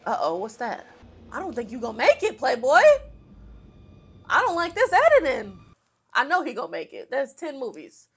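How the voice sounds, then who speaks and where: A woman's voice: high voice, wildly swooping pitch, moderate pace, pauses often, husky. A young woman giving casual reaction commentary to a movie, talking back at the screen with teasing jokes and exclamations.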